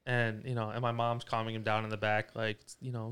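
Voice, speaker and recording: A man's voice: on the low side, level tone, a little fast, fairly bright tone, clear, resonant tone. A young man co-hosting a podcast, telling a driving story in casual, profane chat. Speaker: podcast co-host.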